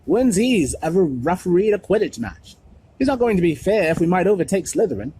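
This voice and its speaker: A man's voice: sits high, sing-song, fairly quick, warm tone, breathy edge, pitched above the performer's own voice, full character voice. A man voicing an indignant teenage prankster who splutters, in a storybook reading. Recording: noisy home recording.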